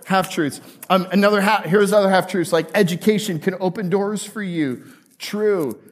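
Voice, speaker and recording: A man's voice: sits high, moderate pace. A male pastor preaching a conversational sermon to a live congregation, joking and asking them questions.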